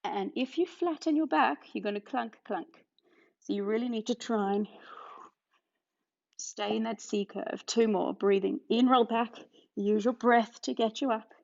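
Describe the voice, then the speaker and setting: Her fairly high, creaky voice carries a darkish tone and an unhurried pace as this Australian pilates instructor leads an ab routine. She cues moves and counts down out of breath, over a dull lo-fi recording.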